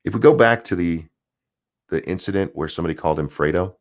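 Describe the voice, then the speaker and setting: A man's voice: sits low, quick pace. A man hosting a live stream, reading news articles aloud and ranting about them with sarcasm and profanity.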